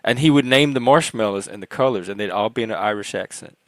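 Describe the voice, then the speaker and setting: A man's voice: fairly low pitch, fast, dry recording. A man with a mixed Southern US accent, part Cajun, hosting a casual group video chat in a chatty, playful way. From American South. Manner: chatty, playful, self-deprecating. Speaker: host.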